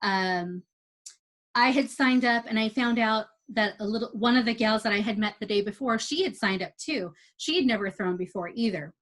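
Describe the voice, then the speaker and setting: A woman telling a lively, casual story about competing for the first time as an amateur athlete. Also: fairly high pitch, normal speed. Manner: chatty, animated retelling with quoted dialogue.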